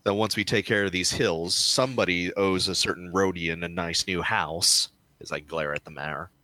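A man playing a tabletop role-playing game, deliberate and asking about the rules. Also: low voice, fairly even intonation, bright, forceful tone, no room sound. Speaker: player. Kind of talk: casual role-play.

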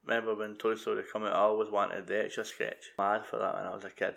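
Brief: Scottish bloke in his thirties, deep voice with lots of fry, relaxed casual chatter. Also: fast. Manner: laid-back, swears, tags remarks with "eh?". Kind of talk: casual chat.

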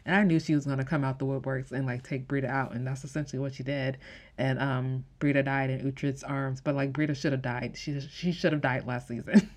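Low-voiced chatty woman recapping a show. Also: steady tone, brisk, a little mellow. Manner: chatty, many "like"s and "um"s, laughs and gasps. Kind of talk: casual recap chat.

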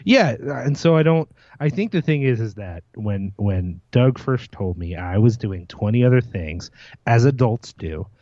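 A man's voice: medium pitch, lively intonation, unhurried, a little mellow, lo-fi sound. A man co-hosting a comedy podcast, joking in a dry, self-deprecating way. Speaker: podcast co-host. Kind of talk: casual comedic podcast chat.

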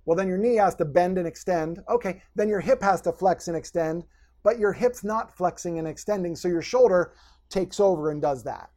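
A man coaching a podcast host through posture fixes, giving energetic step-by-step instructions. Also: high-pitched, normal speed.

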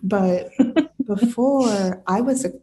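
A woman guest on a podcast, telling stories in an expressive, dramatic way with frequent laughter. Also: mid-range voice, takes it slowly. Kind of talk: casual interview chat.

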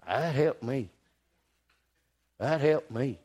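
A male preacher, telling a folksy sermon story that jumps from quiet to loud. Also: mid-range voice, animated, extremely slow.

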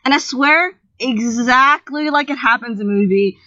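A woman chatting casually as she tells a story, animated and loose, swearing freely and acting out what people said. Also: high voice, normal speed. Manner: animated, loose and profane, acts out the dialogue. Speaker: podcast co-host telling a story. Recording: slightly dull lo-fi audio.

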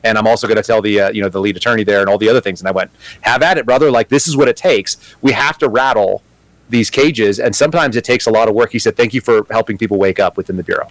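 Fast-talking man, dry close sound. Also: lowish voice, no echo, rough recording. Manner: fast, earnest, thinking aloud with restarts. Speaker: guest, former FBI agent. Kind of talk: conversational interview.

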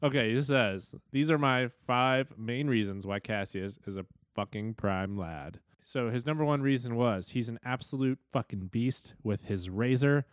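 A man's voice: medium pitch, normal speed, few pauses, no echo, studio quality. A man co-hosting a podcast, laid-back, reading listener emails aloud in casual chat. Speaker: podcast co-host.

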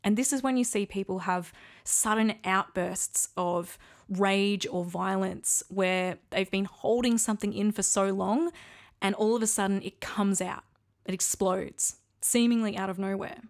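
A woman hosting a podcast speaks in a candid, confiding monologue. Her mid-pitched voice carries a noticeable gravelly fry. She talks frankly and casually, as if chatting with a friend. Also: steady tone, unhurried. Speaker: podcast host.

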